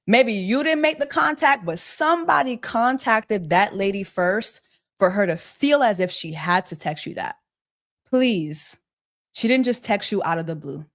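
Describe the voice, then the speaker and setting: A woman hosting a celebrity gossip livestream, talking casually and exasperated, firing off repeated rhetorical questions and mocking with quacking bird jokes. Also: medium pitch.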